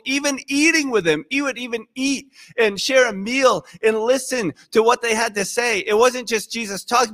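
A male pastor giving a sermon in a conversational, animated storytelling way. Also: high voice.

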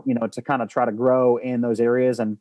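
A man's voice: mid-range voice, flat delivery, a little fast, dark tone, dry recording. A man talking about coaching in a podcast conversation, earnest and rambling, with many restarts and fillers. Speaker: guest, former baseball coach.

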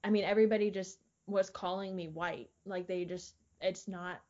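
A woman's voice: mid-range voice, fairly even intonation, moderate pace, a little mellow, lo-fi sound. A young woman, a podcast guest telling stories in casual chat, full of fillers and laughter. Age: young adult. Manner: rambling, filler-heavy, laughs often. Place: air-conditioned recording room. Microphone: studio microphone.

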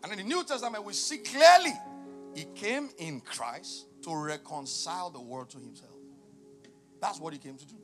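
A middle-aged male pastor preaching a sermon, passionate and emphatic, moving from quiet teaching to loud, shouted emphasis. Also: on the high side, very animated, moderate pace, faint music behind.

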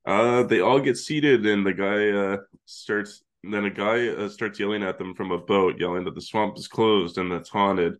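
Very deep-voiced man recapping a film. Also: fairly even intonation, normal speed, hardly any pauses. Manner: recaps the plot at length, laughing and swearing freely. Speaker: podcast co-host. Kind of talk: casual chat.

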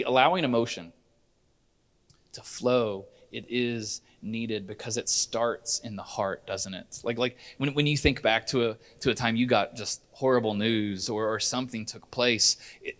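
A man's voice: mid-range voice, unhurried, fairly bright tone. A middle-aged man preaching a sermon in church, earnest and conversational, often restarting his sentences. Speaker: pastor.

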